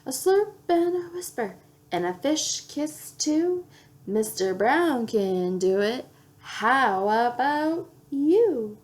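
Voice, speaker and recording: A woman's voice: sits high, animated, slow pace, darkish tone. A woman reading children's picture books aloud, playfully acting out the sound effects. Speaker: children's book reader.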